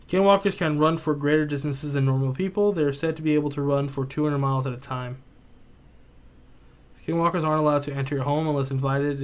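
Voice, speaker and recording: A man casually retelling a spooky story, rambling with lots of filler words and swearing. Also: mid-range voice. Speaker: podcast co-host.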